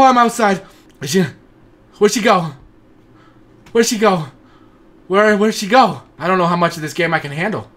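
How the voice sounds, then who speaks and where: Man, gaming host, horror let's play, high voice, jumpy, nervous mutters to yelps. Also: lively intonation, normal speed, pauses often, a bit bright.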